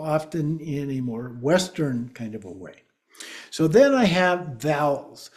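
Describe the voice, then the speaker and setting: A man teaching a class, speaking slowly and deliberately and spelling words out letter by letter. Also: a little high, darkish tone. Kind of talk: class lecture.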